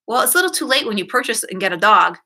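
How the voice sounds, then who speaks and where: A woman's voice: medium pitch, big pitch swings, fairly quick, sharp tone. A middle-aged woman hosting a self-help talk, chatting in a rambling, self-correcting way and acting out quoted lines in a shifted voice. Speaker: self-help podcast host. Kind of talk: casual solo talk.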